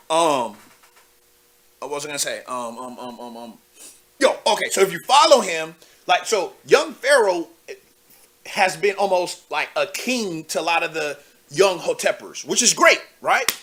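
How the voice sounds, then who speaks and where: A man's voice: high voice, pushed and bright. A young man hosting a live call-in show, commenting loosely with lots of fillers and asides to viewers. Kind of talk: casual political commentary.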